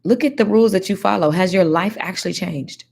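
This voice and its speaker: A woman giving casual Bible teaching in a slangy, animated, preachy way. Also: mid-range voice, a little fast, gravelly, breathy edge. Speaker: faith teacher.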